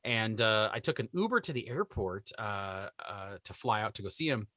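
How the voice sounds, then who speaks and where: A middle-aged man with a bright, forceful voice tells stories in a loose, joking chat, slipping into the voices of the people he describes. The sound is dry and close, with no room around it. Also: lowish voice, normal speed, no room sound. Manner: animated storyteller, acts out quoted people. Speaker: podcast co-host. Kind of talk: casual chat.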